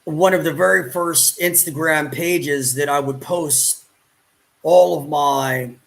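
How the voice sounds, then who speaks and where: A man with a high voice speaks slowly as he narrates his own vlog. He repeats his words and pleads, and his talk is full of grand phrases. The sound is roomy and picked up from well away from the mic. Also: gravelly, a bit bright. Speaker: YouTube vlogger. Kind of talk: self-narrated vlog, arguing off camera.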